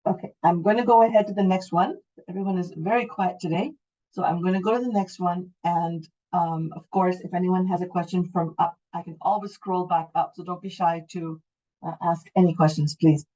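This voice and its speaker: A woman's voice: on the low side, steady tone, a little fast, mellow, dull audio. A middle-aged woman with a Canadian accent, teaching an online English class, explaining patiently and checking that students follow.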